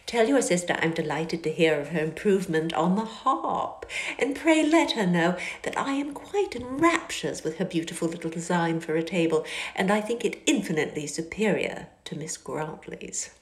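A woman reading a novel aloud and voicing a haughty, flattering young society lady in a high, gushing, sing-song tone, sometimes breathy and whispery. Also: moderate pace, close to an everyday voice. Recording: echoey car interior.

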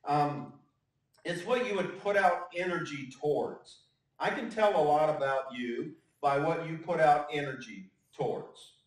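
A male pastor giving a conversational sermon with joking asides and frequent fillers. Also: fairly high pitch. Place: church sanctuary. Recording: echoey church hall, mic at a distance.

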